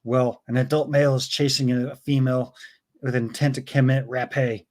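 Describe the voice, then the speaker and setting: Man impersonating a hard-nosed cop, gruff and clipped. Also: mid-range voice, level tone, moderate pace, a little mellow, close to an everyday voice. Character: gruff tough-talking male cop.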